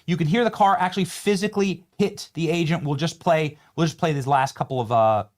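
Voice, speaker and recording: A man's voice: a little high, fairly quick. A male host giving impassioned, emphatic commentary over video clips, moralizing as he goes.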